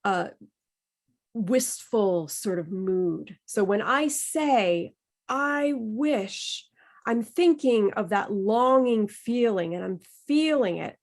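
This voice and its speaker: A woman runs an online voice workshop over a video call, playful and encouraging as she demonstrates emotions with her voice. Her medium-pitched voice is a little mellow, with lively intonation and an unhurried pace.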